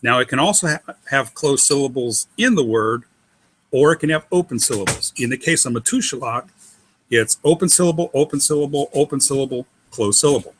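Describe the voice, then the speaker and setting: A man's voice: medium pitch, fairly quick, a little hiss or hum. A man methodically explaining Hebrew syllables as a guest teacher, patiently spelling out letters and sounds.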